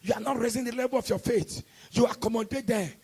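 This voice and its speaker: Nigerian preacher guy, husky and high, fiery church sermon, shouts out the big lines. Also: fast. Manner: impassioned preaching, rising to shouted declarations. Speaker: evangelist preacher. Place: church service hall.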